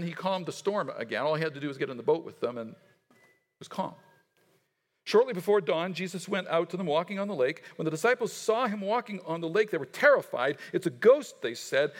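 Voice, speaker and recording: A male pastor preaching a sermon in an animated way, with frequent stammered restarts and quoted voices he acts out. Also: fairly high pitch. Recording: long hall reverb.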